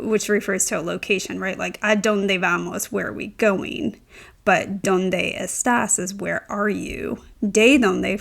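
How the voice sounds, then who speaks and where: Gravelly-voiced woman teaching a language lesson. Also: medium pitch, fairly bright tone. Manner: explanatory, with filler ums and self-corrections. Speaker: Spanish teacher. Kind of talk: instructional tutorial.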